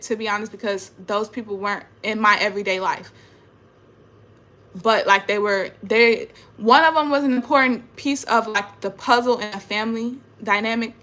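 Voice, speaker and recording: A young woman talking in a casual, emotional, rambling monologue, swearing often and trailing off quietly. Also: on the high side. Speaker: spiritual vlogger.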